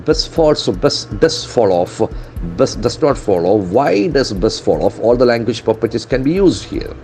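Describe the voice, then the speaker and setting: A man teaching from newspaper headlines, deliberately spelling out and repeating words. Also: medium pitch, mellow. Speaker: English language trainer. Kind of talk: newspaper-based English lesson.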